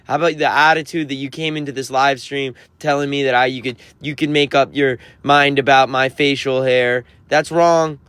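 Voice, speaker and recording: Reading his livestream chat out loud, this touring musician fires back with teasing sass and pretend offense. His medium-pitched voice is smooth and a bit bright, fairly even in intonation, moving at a moderate pace with few pauses, captured in a dry recording.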